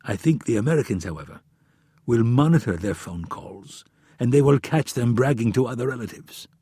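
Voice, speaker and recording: A man voicing a careful, serious adult plotter in an audiobook, speaking in measured, earnest tones. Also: medium pitch, expressive, mellow, slightly rough, dry recording, clean studio sound.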